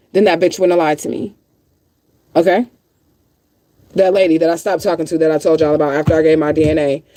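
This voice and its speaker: A woman's voice: medium pitch, mellow, dry recording. A woman livestreaming to her viewers, upset and close to tears, talking bluntly with lots of profanity and repeating herself for emphasis. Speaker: livestreaming vlogger. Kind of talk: emotional livestream rant to viewers.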